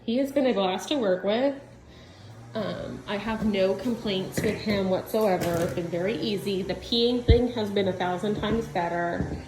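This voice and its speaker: A woman dog trainer talking casually through a training session, switching between chatty explanations and sharp, high commands to her dog. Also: a little slow, noisy background. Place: outdoor yard.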